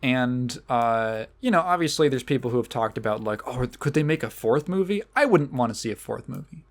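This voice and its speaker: A man's voice: mid-range voice, expressive, a little fast. A man co-hosting a podcast, rambling through a casual film discussion with lots of restarts and the odd swear word. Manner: rambling, many restarts and fillers. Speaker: podcast co-host.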